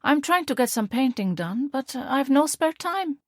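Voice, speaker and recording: Narrator voices a bright, high young woman, breezy, slow drawl, open and cheery. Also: sing-song, dry recording, studio quality.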